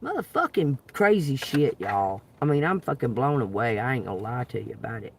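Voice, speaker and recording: A man hosting a live stream, telling a story to viewers in a profane, animated way and acting out the voices. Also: medium pitch, brisk, vocal fry, slight background noise. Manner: animated, profane, laughs often, acts out voices.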